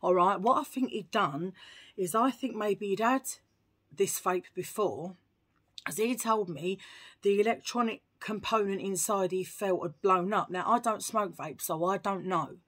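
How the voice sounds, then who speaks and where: A woman vlogger telling a story to camera in a chatty, animated way, full of asides. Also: mid-range voice, a little slow.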